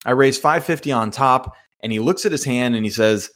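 A man hosts a solo podcast in a mid-pitched voice. He tells his story in an animated way and pokes fun at himself as he goes. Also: a little fast. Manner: self-mocking, animated storytelling. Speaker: podcast host. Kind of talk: solo podcast hand review.

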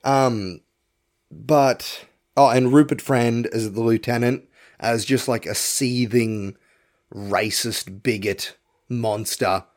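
A man's voice: mid-range voice, fairly even intonation, slow pace. A man, hosting a podcast and rambling bluntly through a profane film review. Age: young adult to middle-aged. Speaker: podcast host. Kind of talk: casual film review rant.

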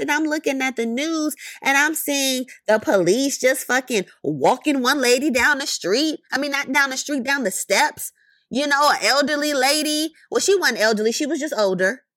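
A woman's voice: a little high, fairly bright tone, no echo. Emphatic, profane woman ranting. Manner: emphatic, profane, rhetorical questions, repeated "you know what I mean". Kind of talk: impassioned commentary monologue.

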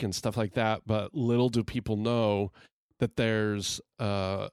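A man's voice: mid-range voice, fairly even intonation, takes it slowly, clear, resonant tone, no room sound, clean studio sound. A man co-hosting a podcast in an easygoing, rambling, self-deprecating way. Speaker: podcast co-host. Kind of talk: casual chat.

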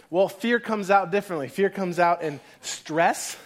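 Pastor guy in his 30s, kinda high voice, preaching loose and chatty, doing little voices for his kids. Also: a little slow. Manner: casual storytelling, acts out voices of kids and God. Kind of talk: sermon.

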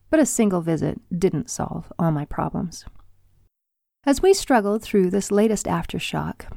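An older woman reads from her own memoir on her podcast, her pace calm and measured. Her voice sits low and mellow, and it is recorded close and dry with no room sound. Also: vocal fry, dry recording. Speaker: podcast host and author. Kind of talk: reading her memoir aloud.

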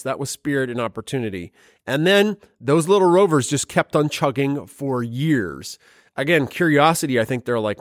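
A man talks through science news in a loose, jokey podcast style. His voice sits at an ordinary middle pitch and is recorded close and dry. He throws in playful quoted voices as he goes. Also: normal speed, no echo. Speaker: podcast host. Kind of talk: casual science podcast chat.

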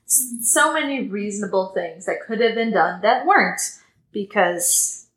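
A woman's voice: mid-range voice, animated, normal speed, a bit bright, rough recording. A young woman co-hosting a podcast, chatting casually about a book with lots of filler words. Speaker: podcast co-host.

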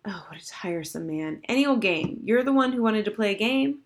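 A woman's voice: medium pitch, animated, brisk, pitched above the performer's own voice, natural voice. A woman reading aloud and voicing a blunt, defiant eleven-year-old girl in a storybook. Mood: exasperated. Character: spy-minded sulky 11-year-old girl.

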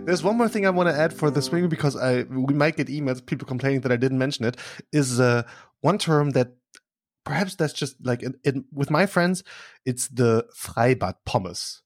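A man's voice: mid-range voice, dry recording, faint music behind. A man co-hosting a podcast, chatting casually and laughing easily, explaining a term from his background. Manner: laughs easily, chimes in with quick asides. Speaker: podcast co-host. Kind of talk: casual chat.

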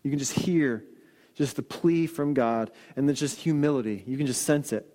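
A man preaching a sermon as a pastor, telling stories and dropping to soft, earnest emphasis on key lines. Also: medium pitch, moderate pace, big-room sound. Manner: storytelling, shifts into quoted voices and soft emphatic lines.

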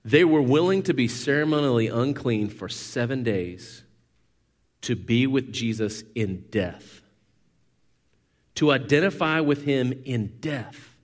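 A man preaching a sermon, animated, rising to loud emphatic peaks and dropping to quiet asides. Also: medium pitch, slow. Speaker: pastor.

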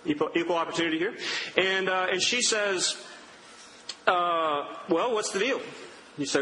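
Young pastor, conversational sermon; bright tone, echoey hall. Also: male voice, sits high, normal speed, pauses often, a little hiss or hum. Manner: conversational, storytelling with acted-out quotes. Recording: reverberant hall with faint ambience.

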